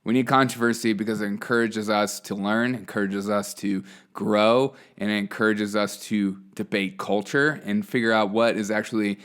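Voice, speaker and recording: A man's voice: on the low side, fairly even intonation, normal speed, few pauses, fairly bright tone, clean tone. A man hosting his own show, talking through his views in a rambling monologue full of fillers and restarts. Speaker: show host. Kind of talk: casual opinion monologue.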